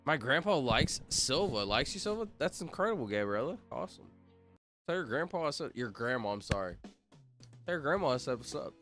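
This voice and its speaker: Male streamer, loose rambling chat, bright and animated, faint background music. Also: medium pitch, a little fast. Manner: rambling, joking, reading chat aloud. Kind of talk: casual livestream chat.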